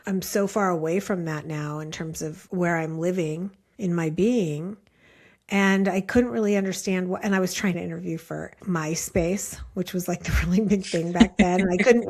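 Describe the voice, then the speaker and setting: A woman's voice: lowish voice, darkish tone. A woman in her late fifties, a meditation teacher, telling personal stories as a podcast guest in an earnest, thoughtful way with many "like" fillers. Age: late 50s. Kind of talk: reflective storytelling in conversation.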